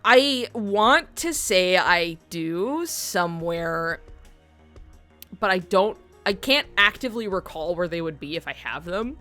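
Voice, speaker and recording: A woman's voice: on the low side, expressive, takes it slowly, sharp tone, soft background music. A woman streamer telling a long story to her chat in a rambling way, laughing often and swearing freely.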